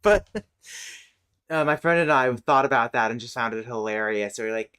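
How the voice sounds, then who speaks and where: A woman with a very deep, slightly bright voice and a clear, resonant tone chats casually on a livestream while building a made-up language. She speaks slowly, muttering to herself as she types and looks things up, with keyboard typing and clicking in the background.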